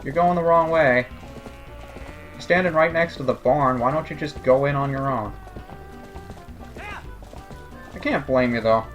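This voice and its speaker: A man's voice: medium pitch, very animated, unhurried, pauses often, dull audio, faint music behind. A man giving casual, sarcastic commentary over a video game playthrough. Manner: sarcastic, joking asides. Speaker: let's play commentator.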